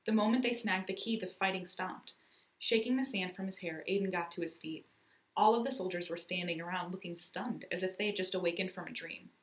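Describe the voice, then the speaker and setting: A woman reading a children's story aloud with expressive, lively storytelling. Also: on the low side, echoey room. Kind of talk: storybook narration.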